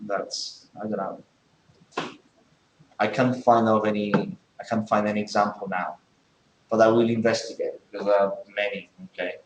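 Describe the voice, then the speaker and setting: A man's voice: fairly low pitch, level tone, moderate pace, pauses often, echoey room, slight background noise, poor audio. A man teaching English in a classroom, explaining things step by step and checking in with many okays. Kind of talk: classroom lesson.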